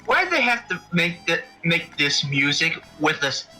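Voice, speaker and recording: A man chatting on a casual game stream, curious and wry. His voice is high and sharply bright, and faint game music runs behind him. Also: very animated, normal speed, rough recording.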